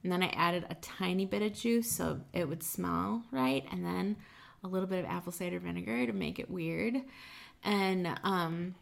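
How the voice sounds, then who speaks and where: A woman's voice: on the low side, moderate pace, creaky. A woman in her thirties co-hosting a podcast, chatting casually at her home kitchen table and telling stories with plenty of fillers. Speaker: podcast co-host. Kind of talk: casual chat.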